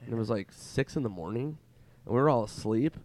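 A male comedian telling animated stories in casual chat, swearing freely. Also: medium pitch, fairly quick. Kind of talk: casual podcast storytelling.

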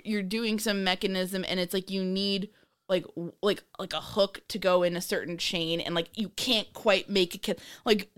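A woman co-hosts a podcast in loose, rambling chat. She is animated and swears freely, in a voice of middle pitch. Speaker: podcast co-host. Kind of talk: casual chat.

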